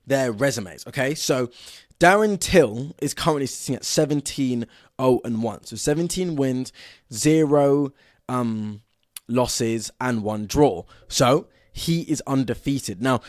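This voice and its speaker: Excitable young Englishman hosting a podcast. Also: medium pitch, takes it slowly, no echo, studio quality. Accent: Southern English. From England. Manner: excitable and energetic, lots of fillers. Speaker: podcast host. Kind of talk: solo podcast monologue.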